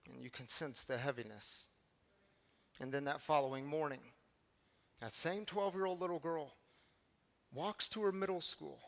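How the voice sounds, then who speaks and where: High-voiced man preaching in a reverberant hall. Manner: earnest and confessional, swinging from hushed to emphatic with repeated words. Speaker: pastor of a recovery community. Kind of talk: sermon. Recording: long hall reverb, faint music behind.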